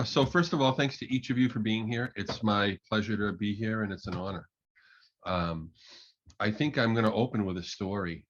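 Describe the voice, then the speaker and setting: A man with a fairly low voice gives an online talk and tells a story in a loose, halting way. His audio sounds muffled and lo-fi, like an online call. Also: a bit bright. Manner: conversational, halting, many fillers. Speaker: management consultant and keynote speaker.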